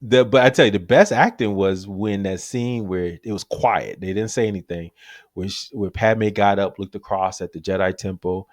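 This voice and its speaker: A man's voice: lowish voice, moderate pace, no room sound, studio quality. A man co-hosting a podcast, telling stories animatedly and laughing often as he chats about movies. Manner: animated storyteller, acts out quotes, laughs often. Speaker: podcast co-host. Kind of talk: casual chat about movies.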